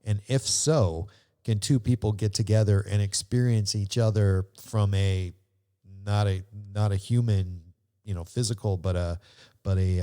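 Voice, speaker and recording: A man's voice: fairly low pitch, warm tone. A man hosting an interview who asks curious questions and thinks them through aloud. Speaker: podcast host. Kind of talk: interview conversation. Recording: long reverb.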